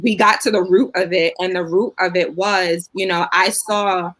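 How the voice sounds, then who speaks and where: A woman's voice: fairly low pitch, steady tone, moderate pace, a bit bright. A woman on a discussion panel, sharing a personal story in an open, matter-of-fact way. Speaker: panel guest. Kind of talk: casual panel chat.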